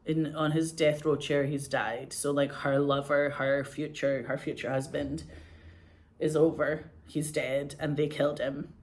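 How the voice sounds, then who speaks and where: A woman's voice: low voice, level tone, unhurried, darkish tone. A woman in her forties, a podcast host, telling stories in a loose, chatty way full of fillers. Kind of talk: casual storytelling.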